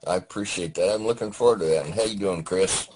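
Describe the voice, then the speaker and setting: An older man from Detroit, a Vietnam veteran guest, recalls his childhood slowly over a remote call, pausing often with fillers. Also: low voice, a little mellow, slight background noise, poor audio. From Detroit, Michigan. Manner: slow, halting recollection with many pauses and fillers. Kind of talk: storytelling interview. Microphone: remote audio call.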